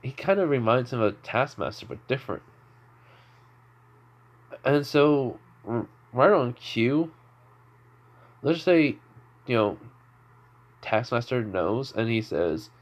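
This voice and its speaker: A man's voice: mid-range voice, lively intonation, measured pace, long pauses. Young man rambling through a fan story. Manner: rambling, many fillers and restarts. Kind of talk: improvised fan story narration.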